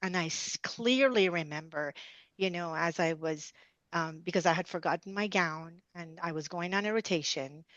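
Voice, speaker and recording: Middle-aged woman, guest dentist, animated storyteller full of asides; dry, dull lo-fi sound. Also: on the low side, moderate pace, no echo. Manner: animated storyteller, many "you know" asides. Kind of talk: conversational storytelling interview.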